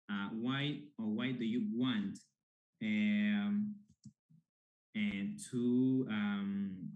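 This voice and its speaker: A man's voice: mid-range voice, a little mellow, reverberant. A man teaching an online English class, giving instructions with many fillers and restarts.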